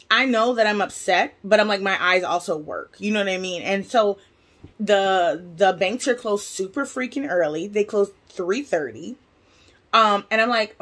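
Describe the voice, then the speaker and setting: Woman venting thru a storytime vlog, animated, exasperated, lots of um and like, normal mid pitch. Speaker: vlogger. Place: lives in Taiwan.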